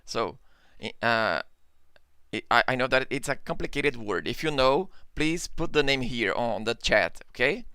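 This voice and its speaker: A man's voice: medium pitch, expressive, a little slow, bright, forceful tone, smooth, no room sound. A man with a Brazilian Portuguese accent teaching a live online English lesson, patiently repeating examples and checking in with "okay?".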